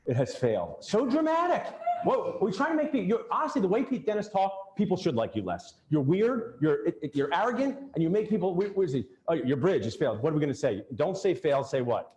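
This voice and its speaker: Man, lively joking workshop coach, slightly high voice, roomy echo. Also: fairly quick, hardly any pauses. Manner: animated, joking, talks straight at the audience. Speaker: dental practice coach leading a workshop. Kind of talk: live seminar talk to a group. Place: event room with attendees.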